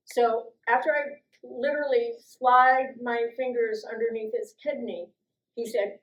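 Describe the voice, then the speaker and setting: A middle-aged woman telling a personal story, lively and acting out the voices of the people in it. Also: unhurried, roomy sound, rough recording. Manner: lively, acts out quoted voices with big jumps in pitch and loudness. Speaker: storytelling guest speaker.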